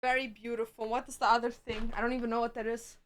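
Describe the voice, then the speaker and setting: A young woman streamer chatting casually and excitably to her viewers, slangy and quick to laugh. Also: fairly high pitch.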